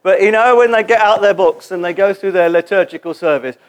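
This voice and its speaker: High-voiced animated male preacher. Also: fairly quick, a little hiss or hum. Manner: animated, joking, leads the congregation in call-and-response. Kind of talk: sermon. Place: church gathering before a congregation.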